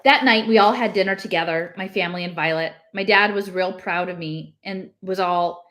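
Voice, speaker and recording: A woman reading a novel aloud, lifting her pitch and voice for the characters' lines. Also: normal speed, fairly bright tone. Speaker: reader.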